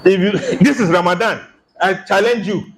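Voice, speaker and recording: Animated preacher. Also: male voice, high voice, normal speed, slight background noise. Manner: animated, rhetorical questions, acts out quotes. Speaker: preacher giving Quran commentary. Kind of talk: Ramadan tafsir sermon.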